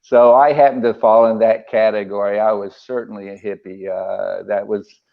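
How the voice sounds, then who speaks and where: Older man telling memories, halting. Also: lowish voice, steady tone, creaky. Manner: emotional, halting, many fillers. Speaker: guest recalling memories. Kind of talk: casual storytelling interview. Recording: dull lo-fi sound.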